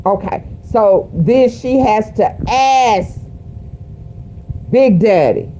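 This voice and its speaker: A woman's voice: medium pitch, lively intonation, drawn-out words, long pauses, mellow, a little hiss or hum, poor audio. A woman hosting a vlog, giving blunt, profane commentary over a played clip. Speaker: host. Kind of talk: casual commentary.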